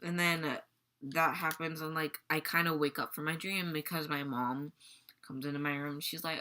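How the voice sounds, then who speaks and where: A woman's voice: sits low, steady tone, moderate pace, bright, forceful tone. A teenage girl vlogging casually, rambling and giggling as she retells a dream. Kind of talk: casual storytelling vlog.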